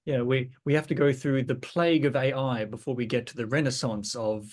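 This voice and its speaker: A man's voice: mid-range voice, steady tone, a little fast. A man hosting an interview podcast, asking questions in a friendly way with stammered restarts. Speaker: podcast host.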